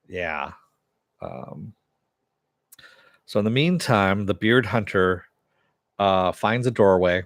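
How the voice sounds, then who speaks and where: A man's voice: sits low, a little slow, pauses often, dry recording. A man hosting a casual live-stream review, recapping an episode in a rambling way. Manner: rambling, many "uh" and "he goes". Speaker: show host reviewing a TV episode.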